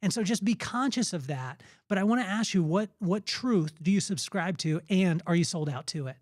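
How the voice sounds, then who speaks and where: A man's voice: high-pitched, animated, normal speed, dry recording. Earnest preachy man with a dry sound. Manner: earnest, preachy, spontaneous storytelling. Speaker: podcast host. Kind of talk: motivational faith talk.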